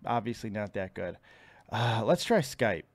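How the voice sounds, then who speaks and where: A male host speaking on a desk mic at home, dry and close with no room echo. His pitch swings a lot, and he curses freely when he is annoyed. The talk is loose and unscripted. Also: very animated, a little slow. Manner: frustrated, swears a lot. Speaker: podcast host. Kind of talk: casual live stream chat.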